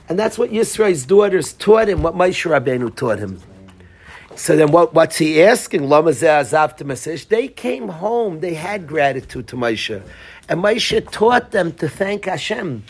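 A man's voice: a little high, sing-song, a little slow, breathy edge. A man teaching a Torah class, telling a story and quizzing his students by name.

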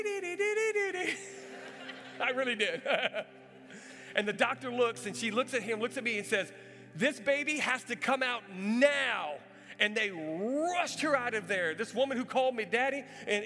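A man preaching a testimony in sermon storytelling style, animated and acting out the sounds and voices in the story. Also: very high-pitched. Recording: echoey hall with soft music.

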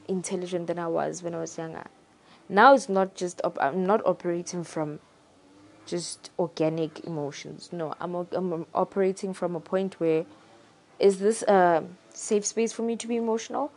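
A young woman muses aloud in a casual, reflective monologue, pausing thoughtfully to find her words. Her medium-pitched voice is a little mellow, with vocal fry.

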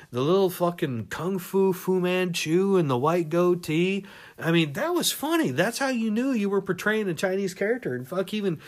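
A man hosting a podcast, ranting in a profane, animated monologue and laughing at his own jokes. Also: fairly high pitch. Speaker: podcast host.

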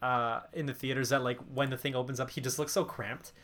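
A man's voice: medium pitch, steady tone, a little fast, a bit bright. A man co-hosting a casual movie podcast, chatty and often restarting his sentences. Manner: chatty, with frequent restarts and fillers. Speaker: podcast co-host.

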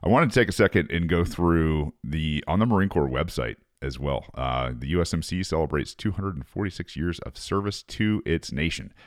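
A man's voice: rumbling low, expressive, normal speed, hardly any pauses, dry recording, clean studio sound. A man, a former Marine, reading an article aloud and ranting over it in a profane, sarcastic casual monologue.

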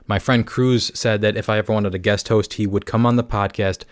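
Young guy rambling on his podcast, jokes at himself, says like a lot, kinda low voice, dry mic. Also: fairly even intonation, brisk, no echo. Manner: rambling, self-mocking, lots of "like". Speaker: podcast host. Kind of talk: casual solo podcast chat.

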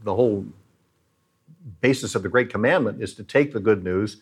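A man's voice: lowish voice, moderate pace, slightly rough. A middle-aged man who leads a Christian aid charity, speaking earnestly and like a preacher as he tells moving stories in an interview.

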